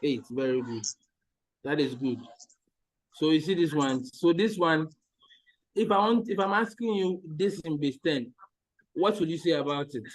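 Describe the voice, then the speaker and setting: Patient male maths teacher, higher voice. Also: lively intonation, unhurried, long pauses, low-quality recording. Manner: patient, repeats steps and checks understanding. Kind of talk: online maths lesson.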